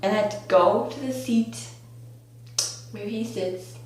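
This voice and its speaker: A young woman in her teens telling a storytime vlog in a rambling, filler-heavy way with bursts of excitement, recorded on a camera mic at home. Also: medium pitch, unhurried. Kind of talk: storytime vlog, casual chat. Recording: very echoey room, faint hum.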